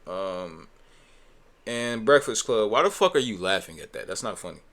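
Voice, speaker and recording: A man's voice: lowish voice, animated, moderate pace. Heated, swearing man reacting. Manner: heated, swearing, with sudden loud outbursts. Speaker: commentator reacting to a clip. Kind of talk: profane reaction commentary.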